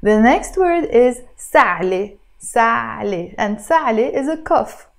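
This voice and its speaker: A woman teaching a spoken Arabic lesson, who has a cough, pronouncing words slowly and carefully and switching between languages. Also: fairly high pitch, expressive, gravelly.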